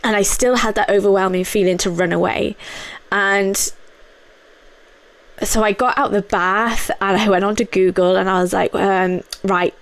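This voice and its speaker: A woman in her thirties, hosting a personal podcast, speaking candidly in a halting way with many fillers and restarts. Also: medium pitch, fairly even intonation, dry recording. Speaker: podcast host.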